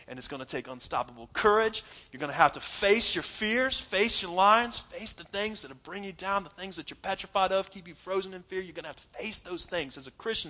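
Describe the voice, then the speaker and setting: High, bright-voiced preacher man. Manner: emphatic, conversational, laughs while preaching. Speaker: pastor. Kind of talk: sermon.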